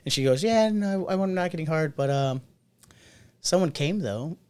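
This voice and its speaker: A man's voice: on the high side, normal speed, a crowd in the background. A man co-hosting a podcast, telling a story in casual chat and acting out the people he quotes. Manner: animated, acts out quotes in other voices. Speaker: podcast co-host.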